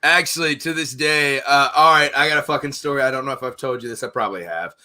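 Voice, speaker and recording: A man's voice: medium pitch, fast, sharp tone. A man hosting a casual chat, telling rambling, profane stories.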